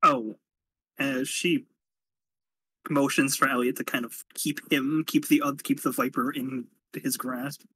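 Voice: mid-range voice, fairly even intonation, a little slow, pushed and bright, slightly rough, no room sound. A player in a tabletop game, questioning politely in character. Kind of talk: role-playing a tabletop game.

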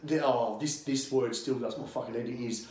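A man's voice: mid-range voice, fairly even intonation, normal speed, darkish tone, reverberant. An Australian man speaking as a guest coach in a casual podcast interview, talking bluntly with lots of swearing, ranting and getting fired up.

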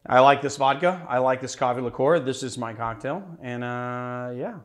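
Bartender host, male, rambling casual chat, average pitch. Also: moderate pace. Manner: rambling, chatty, hedging. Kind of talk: casual cocktail show chat.

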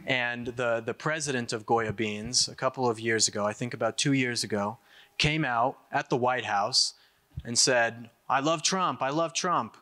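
A man's voice: mid-range voice, fairly even intonation, sharp tone. A young American man giving an emphatic political speech to an audience, repeating words as he builds his points. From United States. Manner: emphatic, repeats himself, quick asides. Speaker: conference speaker.

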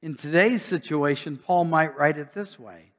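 With a voice on the high side and a moderate pace, a US pastor delivers his sermon conversationally, questioning his audience rhetorically. It's recorded in a church sanctuary with long, echoing reverb.

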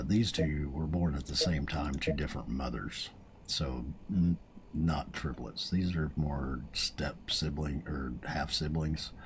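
Deep-voiced Southern man, slow folksy gaming chat. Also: noisy background. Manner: chatty, folksy and self-amused, chuckling often. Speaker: let's play host. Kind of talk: casual gameplay commentary.

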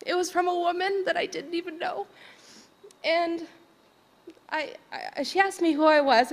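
A high-pitched woman tells a personal story at a conference, laughing often and asking the room "right?" between thoughts. Her voice is emotional and sincere. It carries a long reverberation from a large hall. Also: moderate pace. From Vermont. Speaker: conference speaker, educator.

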